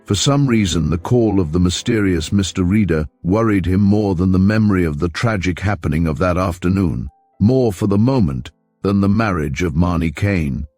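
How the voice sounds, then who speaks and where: A man narrating a mystery novel as an audiobook, steady and measured. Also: sits low, no echo, soft background music. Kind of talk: scripted narration.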